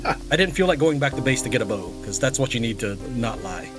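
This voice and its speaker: Fast-talking man explaining game mechanics. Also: medium pitch, lively intonation, loud music behind the voice. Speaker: game player. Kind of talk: casual co-op gaming chat.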